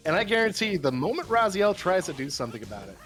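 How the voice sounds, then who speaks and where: A man commentating a fighting game live, breaking down the play between quick exclamations. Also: sits high, sing-song, music in the background. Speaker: esports commentator.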